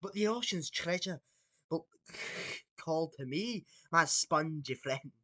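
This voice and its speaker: A man playing a sly, swaggering pirate captain with a mock Scottish accent and a slow, theatrical, teasing drawl. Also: on the high side, animated, bright, forceful tone, no room sound, heavily acted. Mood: sly taunting.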